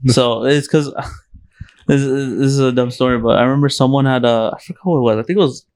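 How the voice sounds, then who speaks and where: A man's voice: medium pitch, brisk, a little mellow, smooth. A young man in casual podcast chat, telling loose stories with lots of swearing. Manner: loose storytelling, swears a lot.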